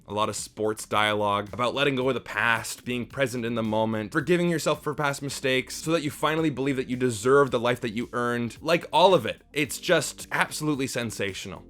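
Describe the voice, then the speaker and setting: A man's voice: medium pitch, a bit bright. A young man reviewing a movie for his channel, talking straight to viewers in an enthusiastic, emphatic way. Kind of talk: casual movie review to camera.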